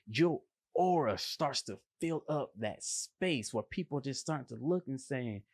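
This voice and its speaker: An animated man talking in a casual motivational monologue, slangy and playful, with bursts of emphasis and sound effects. He speaks at an unhurried, drawn-out pace, in a mid-range voice. The recording is close and dry, with no room echo. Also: mid-range voice, husky. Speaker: line cook sharing a motivational story.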